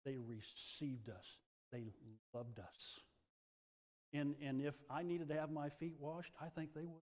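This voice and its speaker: A middle-aged man preaching a sermon, fervent, dropping to a hush and then rising loud again. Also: fairly high pitch, steady tone, a little slow, in a large hall. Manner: fervent, swings between hushed and loud. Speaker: pastor.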